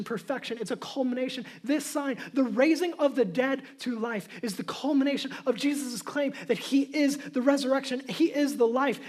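High-voiced male pastor preaching. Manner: conversational storytelling building to loud, emphatic preaching. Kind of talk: sermon.

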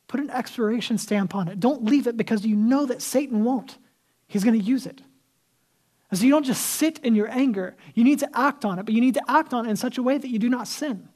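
A man's voice: very high voice, darkish tone. A male pastor preaching a sermon in a casual, conversational way, acting out the people he quotes and dropping to a whisper for emphasis.

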